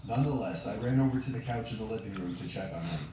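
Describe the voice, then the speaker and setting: A man reading a horror story aloud in an even storytelling delivery. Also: on the low side, fast talker. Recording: very echoey, distant, noisy.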